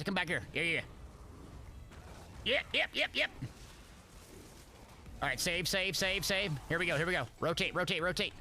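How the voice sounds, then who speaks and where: A young man streaming a player-versus-player online game, chatting with viewers and shouting excitedly during fights. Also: high voice, vocal fry, slight background noise. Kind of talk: live gameplay commentary.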